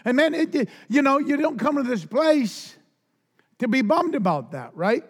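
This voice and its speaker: A man preaching a sermon with passion, stumbling over restarts and swinging between hushed lows and near shouts. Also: sing-song, normal speed. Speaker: pastor. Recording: loud music behind the voice.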